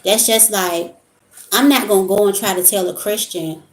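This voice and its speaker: A woman's voice: medium pitch, fairly even intonation, moderate pace. A woman vlogger talking casually about spiritual topics in a rambling, storytelling way. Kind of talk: casual monologue. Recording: echoey room.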